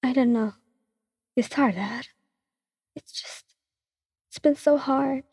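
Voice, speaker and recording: A woman voicing a worn-out, tearful teenage student who talks quietly and apologetically, with a breathy voice. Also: high voice, slow, in a large hall, voice pushed up, heavily acted. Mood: tired, tearful.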